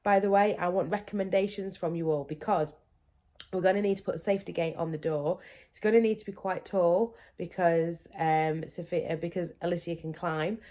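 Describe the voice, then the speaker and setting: A woman's voice: fairly low pitch, fairly even intonation, normal speed, dark tone. A woman in her thirties chatting candidly to camera about her children's sleep, often acting out what they said. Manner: chatty, candid, acts out her kids' voices. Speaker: parenting vlogger. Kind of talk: casual chat to camera.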